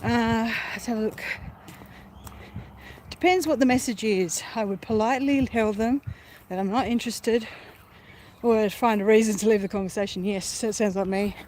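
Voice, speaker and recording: A vlogger strolls outdoors in a park, phone held as she live-streams, talking to viewers in a chatty, rambling, easily distracted manner. Her voice is a little high and darkish, at normal speed, with faint outdoor noise around her.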